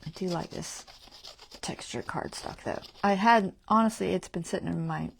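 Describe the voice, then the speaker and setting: Low, gravelly-voiced woman thinking aloud. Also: moderate pace, noisy background. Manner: meandering, talks through decisions, drops into soft half-whispered asides. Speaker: craft livestream host. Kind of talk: casual thinking-aloud crafting chat. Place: at home at a craft table. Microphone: wearing a mic.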